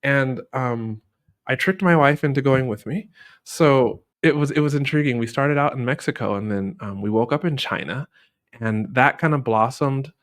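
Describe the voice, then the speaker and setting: A man from the United States chatting casually, relaxed and rambling with many fillers. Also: mid-range voice, normal speed. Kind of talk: casual chat.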